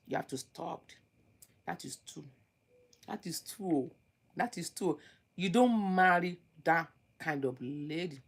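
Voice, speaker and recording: A woman lectures on relationships in an emphatic, preachy monologue of advice, repeating her points. She swings between loud outbursts and low muttering.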